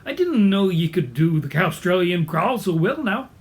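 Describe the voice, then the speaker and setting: A man voicing a friendly male collie dog with a put-on Scottish accent, brisk and hearty. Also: sits high, sing-song.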